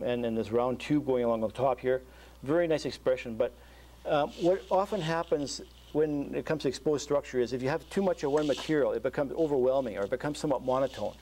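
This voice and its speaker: A man, a structural engineer, giving a university lecture over slides, talking in a halting way with many fillers and restarts. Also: mid-range voice, warm tone. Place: lecture hall.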